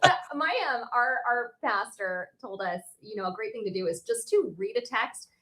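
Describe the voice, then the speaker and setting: A woman's voice: on the high side, moderate pace, crowd noise. A woman speaking as a guest on a radio talk show, earnest and thoughtful in casual conversation. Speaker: podcast guest.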